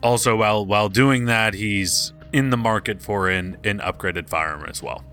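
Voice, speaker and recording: A man playing a tabletop game who describes his character's plans in a measured, hesitant way. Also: fairly low pitch, bright, forceful tone, soft background music. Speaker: player.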